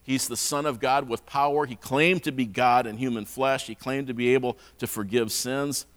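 Preacher in a reverberant church. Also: male voice, medium pitch, fairly even intonation, moderate pace. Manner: conversational, repeats words when restarting. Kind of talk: sermon. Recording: long hall reverb.

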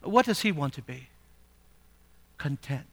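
A man's voice: on the high side, sing-song, a little slow, vocal fry. A male pastor preaching a sermon, reading scripture aloud and asking the congregation rhetorical questions, rising to emphatic peaks.

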